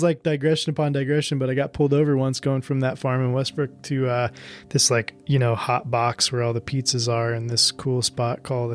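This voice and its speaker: A man hosting a casual podcast chat, his voice sitting at an ordinary middle pitch. He tells rambling stories in a loose, laid-back way, swearing freely and laughing as he goes. Faint music sits low in the background. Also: flat delivery, fairly quick. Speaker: podcast host. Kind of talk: casual conversation, storytelling.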